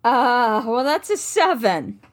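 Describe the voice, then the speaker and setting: A woman playing a tabletop game, speaking in a playful, deliberate way. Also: a little high, very animated, a little hiss or hum. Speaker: player. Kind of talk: casual tabletop play.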